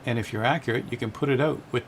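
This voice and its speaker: A man's voice: medium pitch, racing, a little hiss or hum. A man hosting a group flight-sim stream, chatting casually, laughing often and explaining things at length. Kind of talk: casual gaming chat.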